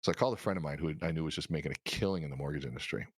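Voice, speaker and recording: A middle-aged man, a guest on a podcast, telling stories in a casual, animated way and acting out the dialogue. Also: rumbling low, rapid-fire, slightly rough, no echo, clean studio sound. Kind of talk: casual storytelling.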